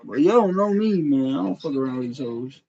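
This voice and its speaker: A man's voice: fairly high pitch, animated, a little fast, creaky, darkish tone, muffled recording. A man from Illinois on a livestream, arguing with his chat in a profane, confrontational, trash-talking way. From Champaign, Illinois, USA. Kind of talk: heated livestream argument.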